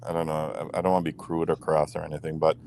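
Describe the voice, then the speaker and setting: A man with an extremely low, darkish voice talks fast and flatly as co-host of a late-night relationship podcast. Though playful, he stammers and restarts, and he's still shaking off a cold. A little background noise comes through.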